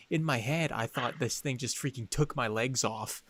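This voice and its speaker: A young man co-hosting a podcast, telling a story in an animated, excitable way, full of fillers. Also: medium pitch, moderate pace. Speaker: podcast co-host. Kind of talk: casual storytelling chat.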